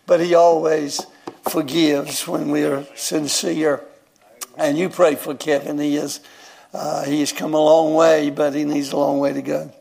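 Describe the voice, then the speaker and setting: A man's voice: on the high side, little pitch movement, a little slow, vocal fry, darkish tone, husky. A man, telling a personal story in a folksy, rambling sermon and chuckling often. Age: 70s. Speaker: guest preacher.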